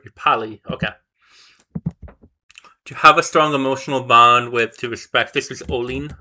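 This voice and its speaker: A man with a very bright, sharp voice, talking casually to himself as he works through flashcards. He mutters, catches his own mistakes and repeats each word several times to make it stick. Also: medium pitch, a little hiss or hum. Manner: muttering, self-correcting, repeating words to memorize them. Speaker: vlogger learning a language. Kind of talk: casual thinking aloud while studying flashcards.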